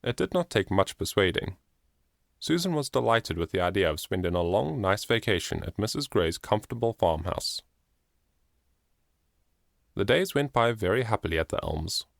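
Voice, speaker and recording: A man narrating an audiobook in an expressive storytelling manner. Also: fairly low pitch, moderate pace, gravelly, no echo, studio quality. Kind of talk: scripted narration.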